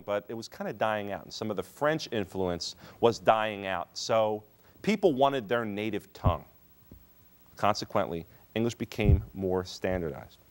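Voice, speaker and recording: A male teacher explains poetry to his class in a low voice. His pitch swings up and down a great deal as he hits the key terms. The delivery is patient and explanatory. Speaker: English teacher.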